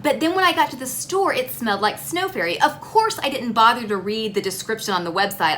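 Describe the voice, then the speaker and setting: A young woman talks through a shopping haul in a playful, self-mocking way and swears now and then. Her voice is bright and forward and sits a little higher than most. There is a faint hiss of noise under it. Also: sing-song, moderate pace. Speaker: beauty vlogger. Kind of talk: casual haul video.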